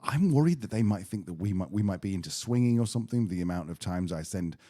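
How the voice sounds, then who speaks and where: Low-voiced British man joking on a podcast. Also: animated, fast, dark tone. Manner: joking, self-deprecating. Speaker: podcast co-host. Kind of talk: casual chat.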